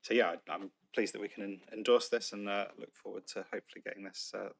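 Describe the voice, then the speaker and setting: A fairly low-voiced man speaks in a flat, even tone as a councillor endorsing a proposal. His delivery is hesitant, filled with ums and uhs between phrases. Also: fast talker, vocal fry. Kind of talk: formal meeting statement. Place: council meeting room.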